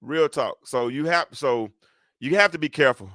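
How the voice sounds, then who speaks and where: A man's voice: medium pitch, normal speed, a bit bright, no echo, clean studio sound. A middle-aged man hosting a solo talk show in a preachy, joking way, speaking straight to his audience and calling for amens. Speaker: host.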